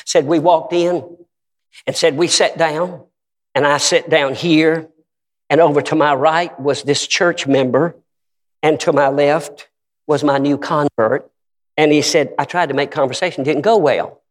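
A man with a high voice preaches in a church, spinning stories and acting out the people in them. His voice climbs into shouts at the big moments. Long reverb from the sanctuary trails every line. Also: fairly even intonation, unhurried. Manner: storytelling with acted-out quotes, rising to shouts. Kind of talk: sermon.

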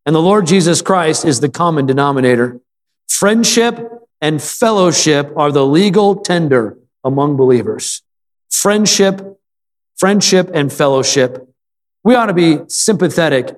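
A man's voice: on the high side, long reverb tail. A middle-aged man preaching a sermon, telling stories in a folksy way and asking the congregation for amens. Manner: folksy storytelling with calls for amen. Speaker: pastor. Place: church.

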